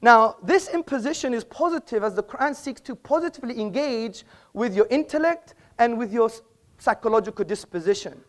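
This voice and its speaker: A man's voice: extremely high pitch, animated, fairly quick. A man speaking as a debater in a live public debate, making emphatic, rhetorical points to an audience in an auditorium.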